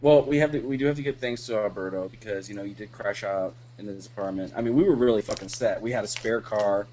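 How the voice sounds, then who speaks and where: Profane, animated man on a podcast. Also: on the low side, fast. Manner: profane, animated storytelling with laughs. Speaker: podcast co-host. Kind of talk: casual profane chat.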